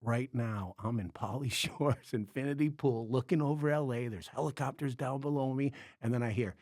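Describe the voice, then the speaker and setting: A man hosting a podcast, telling a long story in a casual, animated way, acting out quotes and laughing often. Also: medium pitch, normal speed, no room sound, clean studio sound. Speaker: podcast host, comedian.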